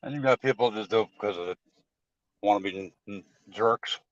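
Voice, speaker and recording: A man's voice: lowish voice, fairly quick, no room sound, muffled recording. A man in a casual chat who talks bluntly and sarcastically, with emphasis.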